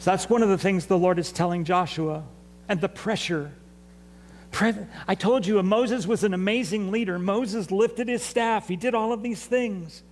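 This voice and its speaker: A man's voice: high voice, moderate pace, darkish tone, a little hiss or hum, low-quality recording. A man preaching a sermon in a church in a conversational way, asking the congregation to respond. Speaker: pastor. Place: church sanctuary.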